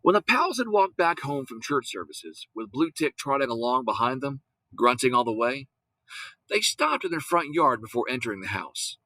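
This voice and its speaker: A man narrating a storybook aloud in an expressive way. His voice is bright and swings freely in pitch. The recording is close and dry, with no room sound. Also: normal speed, dry recording, rough recording. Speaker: audiobook reader.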